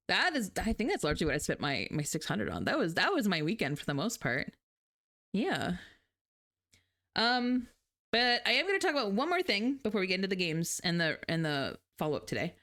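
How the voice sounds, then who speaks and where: A woman streamer in a chatty, animated casual talk, laughing often. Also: medium pitch, moderate pace, long pauses. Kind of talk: casual chat.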